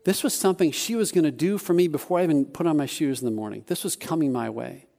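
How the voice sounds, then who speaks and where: A man preaching a sermon, telling a personal story in an animated way with many restarts. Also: fairly high pitch, fast talker, vocal fry.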